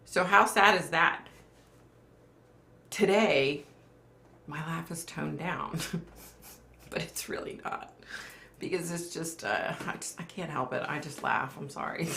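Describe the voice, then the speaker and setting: A woman's voice: low-pitched, slow, creaky, pauses often, pushed and bright, a little hiss or hum. A middle-aged woman hosting a casual livestream, chatty and laughing often as she reads viewer comments aloud. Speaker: livestream host. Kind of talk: casual live chat. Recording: echoey room.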